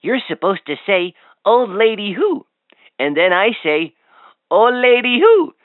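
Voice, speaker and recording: A woman's voice: mid-range voice, big pitch swings, a little slow, no room sound. A woman voicing a cheerful talking toy that tells knock-knock jokes and coaxes a child to answer. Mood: coaxing. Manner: coaxing, prompting the child to answer. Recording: tinny lo-fi toy speaker.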